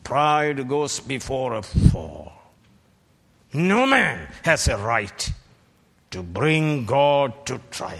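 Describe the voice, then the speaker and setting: A man preaching a fiery sermon, rebuking his hearers and bursting into shouted peaks between slow, deliberate lines. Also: medium pitch, big pitch swings, breathy edge. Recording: long hall reverb.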